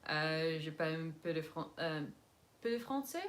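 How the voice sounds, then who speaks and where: A woman's voice: deep voice, expressive, moderate pace. A young woman from the United States chatting casually with her live viewers, rambling with lots of fillers and wandering off topic. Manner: rambling, many fillers, drifts between topics and languages. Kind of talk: casual chat.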